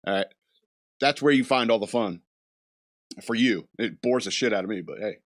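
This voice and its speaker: A man hosts a relaxed chat show, talking loosely and rambling from one thought to the next. He chuckles between lines and slips into silly character voices as he goes. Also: lowish voice, moderate pace. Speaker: podcast host. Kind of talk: casual chat.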